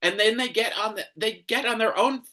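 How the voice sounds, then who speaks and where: A man's voice: high voice, brisk, sharp tone. A man hosting a commentary show, ranting angrily with lots of swearing and exasperation. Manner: angry, profane, exasperated.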